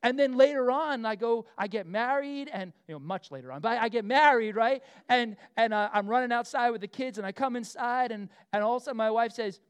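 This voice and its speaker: A middle-aged man preaching a casual, animated sermon, full of asides, fillers and quick questions to the room. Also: very high-pitched, clear, resonant tone. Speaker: pastor.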